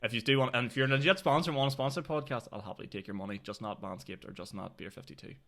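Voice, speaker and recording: A man's voice: mid-range voice, rapid-fire, fairly bright tone. A man with a Northern Irish accent hosting a podcast in casual chat, swearing freely. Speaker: podcast host.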